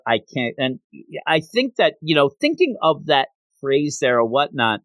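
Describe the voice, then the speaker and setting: A man's voice: fairly high pitch, very animated, measured pace, a bit bright, no echo. Chatty man retelling a comic, dry sound. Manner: chatty, digressive.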